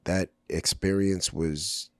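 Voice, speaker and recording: In a podcast interview, a middle-aged man from Brooklyn recounts his life openly, peppering it with ums and voicing the people he quotes. He talks slowly in a low voice with fairly even intonation, captured at studio quality with no echo.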